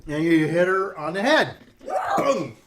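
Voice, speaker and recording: A man's voice: fairly high pitch, brisk, noisy background. A man narrating as game master of a tabletop game, laughing as he goes.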